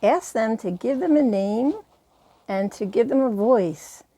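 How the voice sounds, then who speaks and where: A woman's voice: fairly high pitch, expressive, unhurried, mellow. A woman hosting a puppetry channel, explaining puppet techniques in an encouraging, teacherly way. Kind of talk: instructional video.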